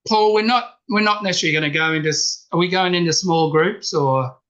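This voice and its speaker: A man's voice: sits high, a little fast, fairly bright tone, lo-fi sound. A man giving an earnest coaching talk to a men's group, repeating his key points. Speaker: speaker at a men's workshop. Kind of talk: talk with slides, then group discussion.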